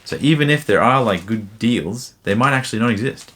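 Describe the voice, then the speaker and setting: A man's voice: mid-range voice, animated, fairly quick, a bit bright, a little hiss or hum. A young man answering viewer questions in a casual, rambling way, full of fillers and restarts. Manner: rambling, frequent fillers and self-corrections.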